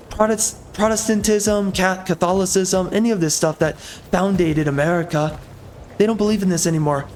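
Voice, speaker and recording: A man's voice: fairly high pitch, a little mellow, a little hiss or hum. A man ranting in heated, emphatic, repetitive commentary over gameplay. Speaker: gaming commentator.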